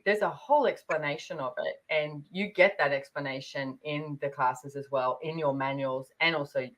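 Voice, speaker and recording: A woman hosting a podcast, talking casually and telling stories with lots of fillers. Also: deep voice. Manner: chatty, storytelling, many fillers. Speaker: podcast host.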